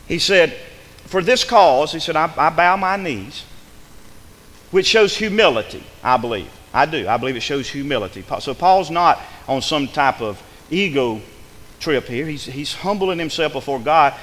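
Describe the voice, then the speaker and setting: A man preaching a sermon in a church with emphatic delivery, swinging between hushed passages and loud, fervent ones. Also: fairly high pitch, lively intonation, normal speed, in a large hall.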